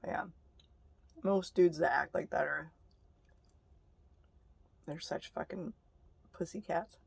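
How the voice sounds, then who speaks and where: A woman's voice: fairly low pitch, fairly even intonation, slow, creaky, breathy edge, no room sound. A young woman vlogger telling stories to the camera in a blunt, profane, casual way. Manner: blunt and profane, laughing between remarks.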